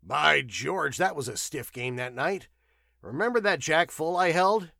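A man's voice: on the high side, expressive, a little slow, creaky, pushed and bright, no echo, clean studio sound, voice pushed up, exaggerated voice. A man voicing a cheerful, talkative traveling salesman who rattles on heartily in a storybook reading.

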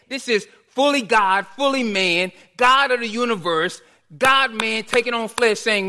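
Bright high-voiced male pastor preaching. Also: measured pace. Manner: earnest preaching, rhetorical questions and repetition. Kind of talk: sermon.

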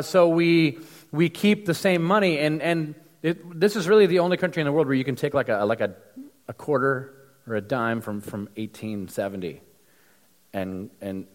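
A man's voice: mid-range voice, normal speed, long reverb tail. A man from the United States giving a casual, conversational sermon with many fillers and restarts. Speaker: preacher.

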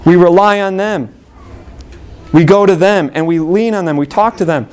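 A man's voice: normal speed, darkish tone, clear, resonant tone. Earnest man preaching a sermon. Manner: earnest, repetitive preaching with sweeping pitch swings.

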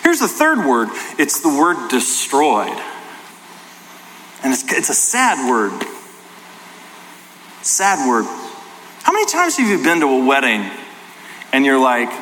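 Animated man preaching in a big hall. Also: medium pitch, slow, pauses often, a little hiss or hum. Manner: conversational, animated storytelling. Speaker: pastor. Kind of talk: sermon. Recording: hall reverb, faint ambience.

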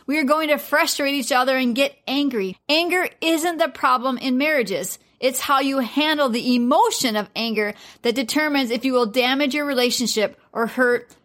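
Lady with a high voice cohosting a christian marriage show, open, laughs a lot. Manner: warm, open, laughs easily. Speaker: podcast co-host. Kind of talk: faith-based marriage podcast chat.

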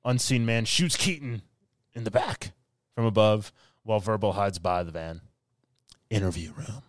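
Brief: male podcast co-host, lowish voice, dry close mic, animated recap with quoted bits. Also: normal speed, no room sound. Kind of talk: casual chat.

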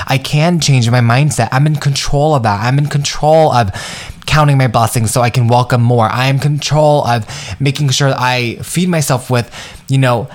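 A man's voice: medium pitch, steady tone, normal speed. Male podcast host giving a frank, cussing pep talk, best-friend energy. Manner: candid, profane, pep-talk tone addressing listener as "girl" and "my love". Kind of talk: motivational solo podcast talk.

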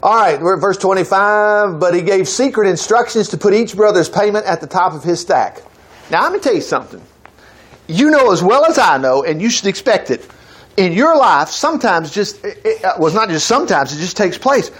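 A preacher with a high voice tells a Bible story to his congregation. His pitch leaps around as he acts out the characters' lines. He repeats words now and then, then carries on. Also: expressive, a little fast, fairly bright tone, husky. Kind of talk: sermon reading and explaining scripture.

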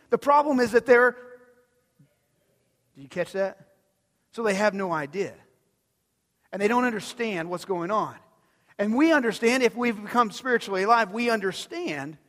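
A male pastor preaching a sermon in a conversational way, often asking the audience if they are following, swinging between loud emphatic lines and soft low ones. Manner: conversational, asks the audience questions. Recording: long hall reverb.

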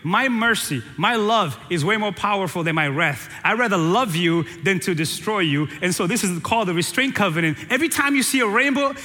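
A man preaching a sermon in a church, animated and jokey, teasing his listeners and repeating phrases for effect. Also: sits high, a little fast, hardly any pauses. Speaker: pastor. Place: church sanctuary. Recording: long reverb of a large hall.

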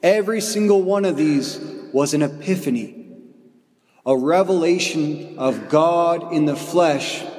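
A man, a priest, telling a story in his homily with an earnest tone and slow, emphatic phrasing. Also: on the high side, darkish tone, long reverb tail.

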